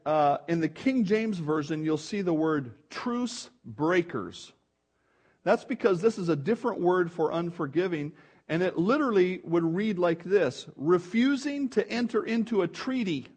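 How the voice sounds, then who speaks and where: Male pastor, middle-aged, fairly high voice, earnest emphatic sermon delivery. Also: darkish tone, breathy edge. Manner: earnest, emphatic preaching with restarts.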